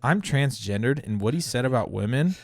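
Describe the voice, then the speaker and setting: A man co-hosting a comedy podcast who rambles through crude stories, acting out every quote with plenty of swearing. His voice sits at an ordinary middle pitch. The sound is close and dry, with no room echo. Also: animated, brisk. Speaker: podcast co-host. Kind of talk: casual comedic chat.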